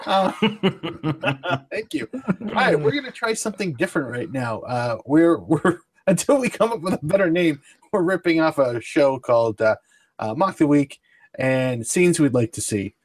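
A podcast host with a slightly high, very animated voice takes his time on a casual comedy show. He's playful and mock-formal, often stumbling and restarting sentences.

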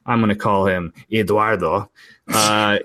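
A low-voiced man in his forties from Portugal tells a long family story in a loose, rambling way. He often restarts his sentences and acts out the people he quotes. His voice is recorded close and dry, with no room sound. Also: fairly even intonation, unhurried, pushed and bright, dry recording. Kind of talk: casual storytelling.

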